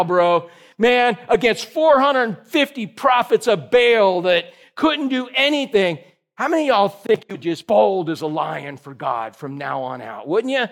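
A man preaching a sermon, his voice sitting high for a man. He tells the story in a lively, animated way, full of casual slang, and acts out the voices of the people in it. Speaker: pastor.

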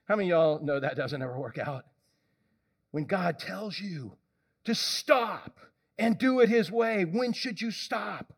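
Guy preaching w a pretty high voice, chatty, keeps throwing questions at the crowd. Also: a little slow, breathy edge. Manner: animated and conversational, questions the congregation directly. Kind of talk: sermon.

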